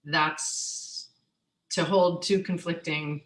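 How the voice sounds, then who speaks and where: A woman's voice: on the low side, measured pace, pushed and bright, reverberant, poor audio. A woman chef and author talking casually as a guest, joking, laughing often and trailing off into restarts. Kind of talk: casual conversation on stage.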